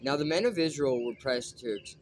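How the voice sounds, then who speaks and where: A man reading scripture aloud at a steady pace, with a few small slips. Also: mid-range voice, brisk, noisy background. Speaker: Bible reader.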